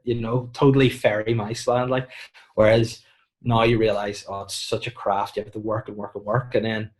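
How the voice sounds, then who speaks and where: A man with a Northern Irish accent, a comedian guest chatting casually on a podcast, acting out quotes and giving deadpan mock warnings. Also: fairly low pitch, moderate pace. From Northern Ireland.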